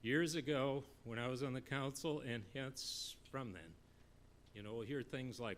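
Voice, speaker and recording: A man's voice: medium pitch, slight background noise. Earnest man giving public comment. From Northeast Iowa. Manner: earnest, measured, storytelling. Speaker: public commenter, former council member. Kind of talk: public comment at a council meeting. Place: city council chamber.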